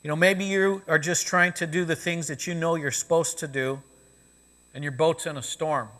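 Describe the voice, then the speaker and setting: A man's voice: a little high, sharp tone. A male pastor preaching a sermon in a conversational way, often saying "you know," in a church sanctuary. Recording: long reverb of a church sanctuary.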